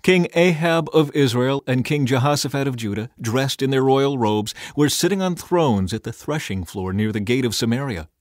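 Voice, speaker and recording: A man narrating an audio Bible reading in a measured, even way. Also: medium pitch, no echo, studio quality. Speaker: Bible reader. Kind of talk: scripted scripture narration.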